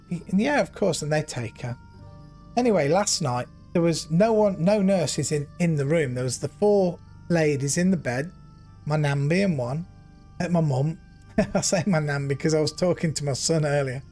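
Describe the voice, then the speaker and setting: A middle-aged man streaming a game, telling an emotional story in an earnest, animated way. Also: fairly high pitch, moderate pace, faint music behind. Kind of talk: casual storytelling while gaming.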